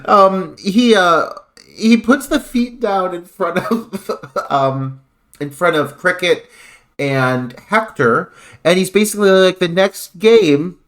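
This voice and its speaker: A man's voice: high voice, lively intonation, slow pace, fairly bright tone. A man co-hosting a podcast, chatting casually about a movie with lots of "like" fillers. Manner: chatty, filler-heavy with frequent "like". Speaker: podcast co-host. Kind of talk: casual film discussion.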